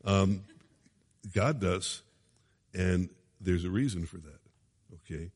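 Low-voiced preacher in an echoing hall. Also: male voice, slow pace, darkish tone, slightly rough. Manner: conversational, chuckling asides, dramatic reading. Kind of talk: sermon with scripture reading.

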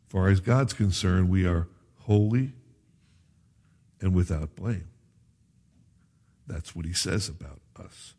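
A man's voice: low voice, takes it slowly, pauses often, mellow, breathy edge. A male pastor giving a sermon in a conversational way, full of asides, self-corrections and questions to the congregation.

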